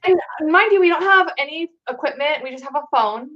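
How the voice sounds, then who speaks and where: Woman guest, lively storyteller, bit higher voice, muffled stream audio. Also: fairly quick. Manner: animated, laughing, many "like" fillers. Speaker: guest cosplayer. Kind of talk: casual storytelling chat.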